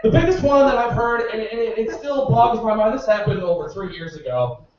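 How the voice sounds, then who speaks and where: A man's voice: high-pitched, expressive, brisk, a little mellow. A man doing a stand-up comedy set at a bar's open-mic night, telling sarcastic stories about his bartending customers, with profanity. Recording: echoey bar room, distant dull mic.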